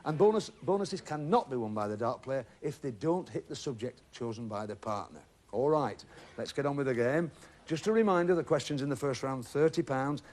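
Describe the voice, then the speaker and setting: Jovial game show host man, lively pitch. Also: brisk, few pauses. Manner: jovial, chatty, teasing. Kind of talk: game show hosting with jokes. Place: TV studio with audience.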